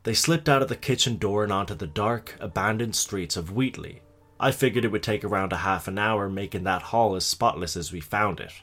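A man's voice: on the low side, fairly quick, fairly bright tone. A man giving a scripted horror story reading as narrator.

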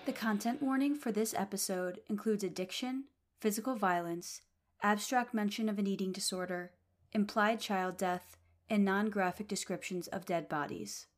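A woman narrating a tabletop role-playing game as game master, in a measured, descriptive storytelling manner. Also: mid-range voice, faint music behind.

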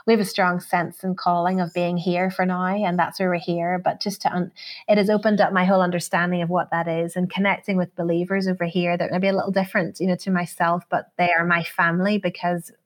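A woman in her forties from Belfast with a Northern Irish accent, a singer-songwriter talking in a casual podcast interview, reflective and quick to laugh. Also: fairly low pitch, flat delivery. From Northern Ireland. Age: 40s. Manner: warm, reflective, laughs often.

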